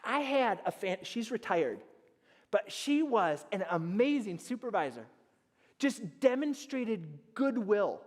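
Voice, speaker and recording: A man preaching a sermon as pastor, animated and storytelling, acting out little scenes and dropping to a hush on key points. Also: high-pitched, takes it slowly. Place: church sanctuary. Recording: church hall reverb.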